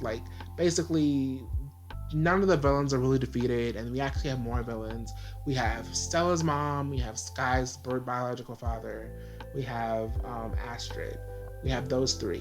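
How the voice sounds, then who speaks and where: A man talks through a casual video review in a sassy, exasperated rant, scattering fillers through every thought. His voice sits at an everyday middle pitch. Faint music plays quietly behind him. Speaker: TV show reviewer.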